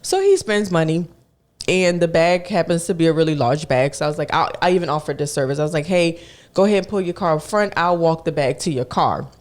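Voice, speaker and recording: A man's voice: fairly high pitch, brisk. A young man hosting a podcast, telling a work story in a casual, chatty way and acting out the people in it. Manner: animated, acts out the people in his stories; colloquial, chatty. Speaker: podcast host.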